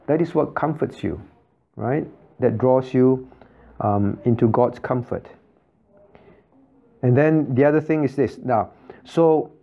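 A man's voice: medium pitch, highs cut off. A male pastor preaching a sermon, often asking his congregation questions and repeating phrases for emphasis. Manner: asks the congregation frequent rhetorical questions.

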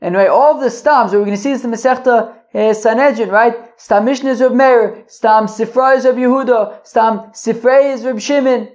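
A woman's voice: fairly high pitch, normal speed, few pauses, a little mellow. A woman hosting a casual Talmud study lesson, reasoning aloud, restarting her sentences and checking that listeners follow. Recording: dull lo-fi audio.

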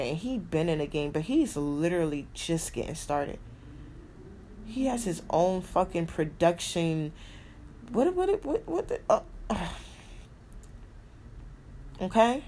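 A woman hosting a podcast in a casual motivational monologue, emphatic, repeating her key phrases and swearing freely. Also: on the low side. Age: adult with a son. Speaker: podcast host.

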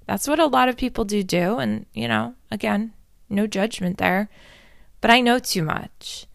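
A woman's voice: fairly high pitch, normal speed, creaky, no room sound, studio quality. A young adult woman hosting a casual confessional talk, candid and rambling, swearing freely and poking fun at herself.

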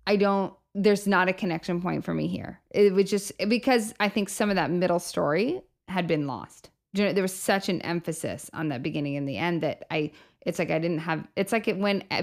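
Woman, podcast host, casual reflective chat, lowish voice, frequent laughter. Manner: chatty, laughs often, self-reflective. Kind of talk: casual faith conversation.

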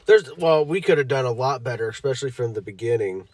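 A man's voice: medium pitch, lively intonation, fast talker, darkish tone, no echo. A man co-hosting a podcast, chatting casually, with loose, crude, laughing humor. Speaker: podcast co-host. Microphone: studio microphone.

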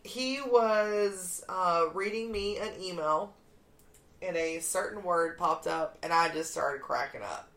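Woman podcast host, slow and playful, teasing with frequent laughs. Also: fairly low pitch, fairly bright tone, echoey room. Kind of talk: casual chat.

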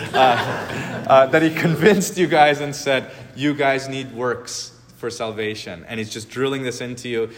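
Conversational pastor preaching in a reverberant hall. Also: male voice, medium pitch. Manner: conversational, animated, with filled pauses. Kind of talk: sermon. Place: church sanctuary.

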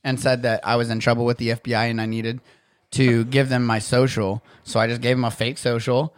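A young man co-hosting a podcast, chatting casually and telling stories with animated asides. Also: mid-range voice, clean tone. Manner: animated storyteller, quick asides. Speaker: podcast co-host. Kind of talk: casual chat.

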